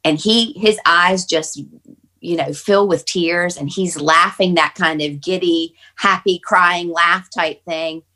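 Woman on a podcast, kinda low voice, earnest story, takes her time. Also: steady tone, takes it slowly, sharp tone. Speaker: podcast guest. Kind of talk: personal storytelling on a panel podcast.

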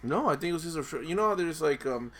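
A man's voice: a little high, lively intonation, fast talker, a bit bright. A man co-hosting a casual podcast chat, reading out a news story in a laid-back way with plenty of fillers and swearing.

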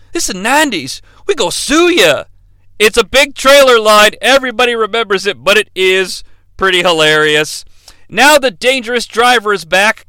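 A man recapping a movie in an animated, joking commentary style. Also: high voice, clear, resonant tone, no echo. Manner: animated, joking, breaks into impressions. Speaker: movie reviewer.

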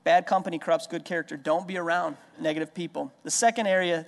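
A pastor in his thirties preaches an earnest sermon, repeating key lines for emphasis and telling everyday anecdotes. He speaks fast with hardly any pauses, in a fairly high, fairly even voice with vocal fry. Long hall reverb surrounds the recording.

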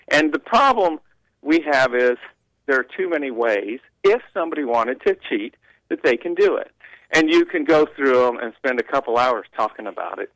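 A man's voice: medium pitch, expressive, normal speed, a bit bright, dry recording, poor audio. Opinionated man on talk radio. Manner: opinionated, mocking quoted voices, rambling restarts. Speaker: radio show regular guest.

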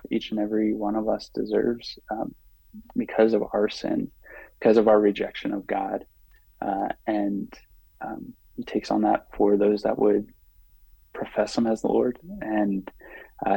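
A low, gravelly man speaks earnestly as a podcast guest. He pauses often and fills the gaps with ums. His voice stays husky and flat, close and dry on the mic. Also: no room sound, rough recording. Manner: earnest, halting, with frequent fillers and restarts. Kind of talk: reflective conversational storytelling.

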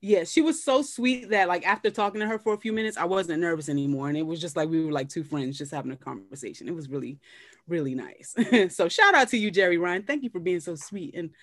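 A woman, a guest comedian, telling a story in casual podcast chat. She acts out the quotes, pushing her voice up and down. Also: fast talker. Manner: animated storyteller, acts out quotes in shifting pitch.

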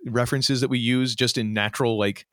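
A man co-hosting a podcast, talking casually and ranting with animated restarts and mock voices. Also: medium pitch, fairly quick, no room sound, studio quality. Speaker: podcast co-host. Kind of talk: casual chat.

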